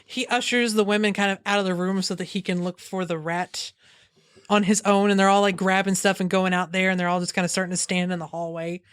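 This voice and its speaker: Woman game master, lively and dry. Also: fast talker, smooth, dry recording. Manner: lively, acts out screaming side characters in high voices. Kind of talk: narrating a tabletop game.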